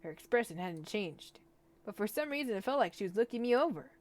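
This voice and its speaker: A woman's voice: mid-range voice, animated, brisk, noisy background. A woman co-hosting a game let's-play, reading the narration and a boy's lines aloud with feeling. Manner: reads narration with feeling, laughs between lines. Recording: voice over game music. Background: faint game music.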